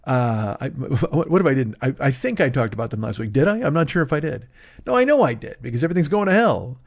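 A man's voice: mid-range voice, sing-song, quick pace, creaky. A man hosting a solo comedy podcast from his desk, rambling and interrupting himself with sarcastic asides. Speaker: podcast host. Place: at a desk in a home studio. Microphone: studio microphone.

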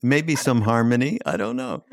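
A man's voice: medium pitch, moderate pace, no echo. A man hosting a podcast in casual interview chat, laid-back and playful, laughing often. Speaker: podcast host.

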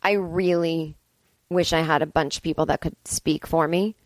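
A woman comic in her forties riffs alone at home, sarcastic and freely swearing as she vents. Her voice sits at an ordinary middle pitch, and the close recording is dry with no room sound. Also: steady tone, normal speed, dry recording. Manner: sarcastic, profane ranting. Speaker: comedian and podcast host. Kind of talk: casual solo monologue.

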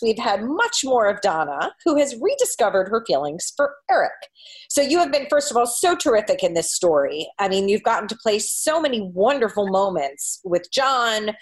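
A woman hosting a podcast interview, asking measured, complimentary questions. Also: mid-range voice. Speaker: podcast host.

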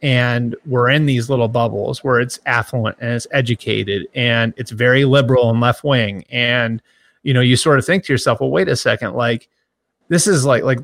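A man in his thirties, a sports journalist who grew up near Boston, answering interview questions in a halting way with many restarts and fillers. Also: medium pitch, vocal fry, fairly bright tone, dry recording. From grew up in the Boston area.

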